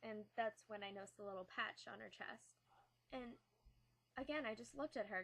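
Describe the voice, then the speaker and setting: A woman's voice: mid-range voice, moderate pace, a bit bright. A young adult woman telling a story in a casual, earnest, reflective vlog. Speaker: vlogger. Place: New England.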